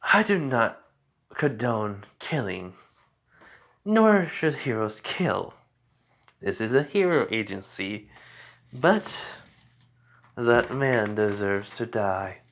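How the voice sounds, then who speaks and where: A man voicing a cold, stern male principal of a hero school in a fan story, speaking in a measured way. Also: fairly low pitch, a little mellow.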